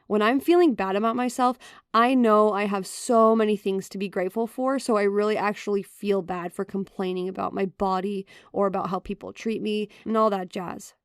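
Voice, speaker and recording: A woman's voice: mid-range voice, fairly even intonation, moderate pace, clean tone, no echo, clean studio sound. A woman hosting a podcast, talking in an earnest, encouraging and direct way. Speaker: podcast host. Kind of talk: motivational podcast talk.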